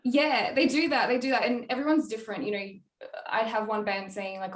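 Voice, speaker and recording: A young woman talks casually about her music work in an interview. She is bubbly, laughs easily and fills her sentences with "like" and "um." Her voice sits at a middling pitch, with a noticeable roomy echo. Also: steady tone, fast talker. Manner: bubbly, laughs often, many fillers. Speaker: music producer guest.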